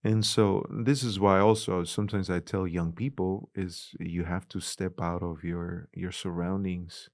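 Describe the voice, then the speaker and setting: A middle-aged man with a Spanish-influenced accent, a youth ministries director telling animated stories in an interview and acting out the dialogue. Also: sits low, measured pace, hardly any pauses, no echo, clean studio sound. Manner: animated storyteller, acts out quoted dialogue. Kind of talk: conversational interview.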